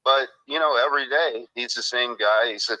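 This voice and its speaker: A baseball manager joins a radio show by phone. He is a man with a very bright, forceful voice and a mid-range pitch. He gives plain advice in a laid-back way, and the audio has a broadcast-radio sound. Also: normal speed, poor audio. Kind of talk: phone interview.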